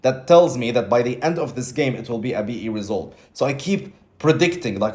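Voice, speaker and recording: A trading mentor with a mid-range, slightly mellow, expressive voice talks fairly quickly with few pauses. His casual monologue is blunt and repetitive, with occasional swearing, and he voices his own inner thoughts as quotes.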